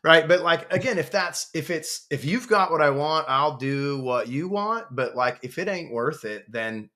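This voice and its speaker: A man's voice: fairly high pitch, animated, moderate pace, pushed and bright. A man talking casually as a podcast guest, easygoing and chatty, tossing in "dude" and "y'all". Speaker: podcast guest, dog business owner.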